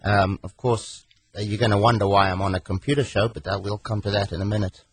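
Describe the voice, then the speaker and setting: A British man from England, a guest author on a radio show, joking wryly with many pauses and fillers. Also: fairly low pitch, steady tone, husky, no echo, poor audio. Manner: wry, joking, hesitant with fillers. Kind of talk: radio interview. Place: radio studio.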